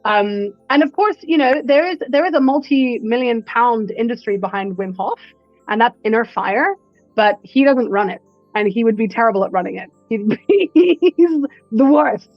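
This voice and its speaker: Woman breathwork coach, animated storyteller, lo-fi dry recording. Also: fairly high pitch, moderate pace, no echo, soft background music. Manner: animated storyteller who acts out quotes. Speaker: breathwork instructor, guest. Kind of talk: casual interview chat.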